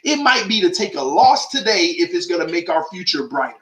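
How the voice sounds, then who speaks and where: Animated, preachy man with a bright voice. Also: sits high, brisk, echoey room. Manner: emphatic, preachy, rhetorical questions, slangy. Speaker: host of a call-in sports show. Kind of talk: animated opinionated monologue.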